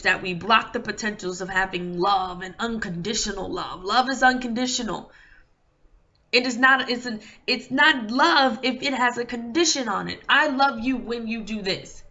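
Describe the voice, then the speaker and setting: Impassioned bright-voiced woman coach. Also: mid-range voice, normal speed. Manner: impassioned, repetitive, preacher-like cadence. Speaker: intimacy coach. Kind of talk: motivational monologue. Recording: dull lo-fi recording.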